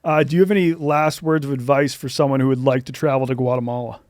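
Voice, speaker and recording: A man's voice: medium pitch, steady tone, fast talker, a little mellow, no room sound, studio quality. A man co-hosting a podcast, asking his guest easygoing questions in casual chat. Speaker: podcast co-host.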